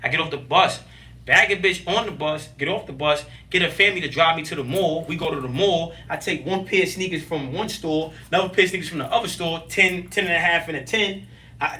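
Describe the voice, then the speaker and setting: High-pitched guy hyped up telling hustle stories on a podcast, bright voice, kinda far from the mic. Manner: animated, streetwise slang, emphatic outbursts. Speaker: guest. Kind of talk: casual interview storytelling.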